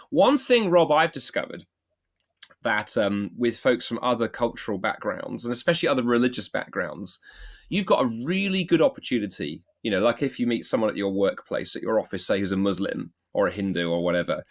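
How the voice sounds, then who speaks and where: Guest author from the UK, middle-aged man, animated storyteller with a lively, swooping delivery. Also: mid-range voice. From United Kingdom. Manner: animated anecdotes with lively acted-out quotes. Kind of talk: storytelling interview answer.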